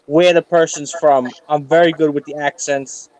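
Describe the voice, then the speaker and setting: A man's voice: fairly high pitch, steady tone, moderate pace, darkish tone, rough recording. A man in his forties chatting in a group, talking confidently about his own skills. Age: 40s. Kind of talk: casual group chat. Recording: dry, close sound.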